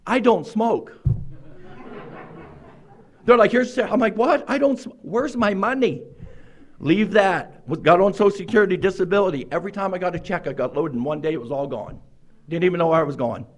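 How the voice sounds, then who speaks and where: A man with a fairly high voice stands up at a recovery meeting and tells his own story. He is wry and self-mocking, laughing often as he talks in a meeting room. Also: moderate pace. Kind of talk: humorous personal recovery story.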